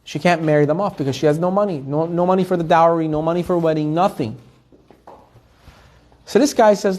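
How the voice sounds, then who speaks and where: A man's voice: fairly high pitch, fairly quick, long pauses. A man, a rabbi, telling a story in a sermon and acting out each character's lines. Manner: animated storyteller who acts out the characters' quoted lines.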